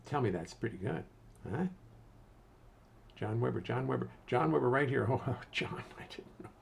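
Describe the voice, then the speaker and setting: A man's voice: medium pitch, animated, normal speed, vocal fry, breathy edge. An older man casually hosting a livestream from his home studio, greeting viewers by name and muttering to himself as he adjusts settings.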